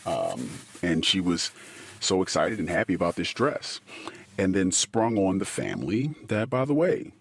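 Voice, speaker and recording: A middle-aged man hosting a podcast, telling a personal story in a halting, emotional way that drifts into quiet asides. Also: low voice, big pitch swings, gravelly, a little hiss or hum. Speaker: podcast host.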